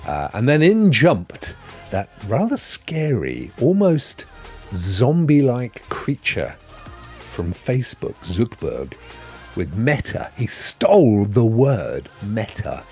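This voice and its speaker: A man's voice: medium pitch, wildly swooping pitch, slow, darkish tone, faint music behind. A man hosting a live gaming stream, chatting casually and jokily and greeting viewers by name. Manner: jokey, rambling, greets chat viewers by name.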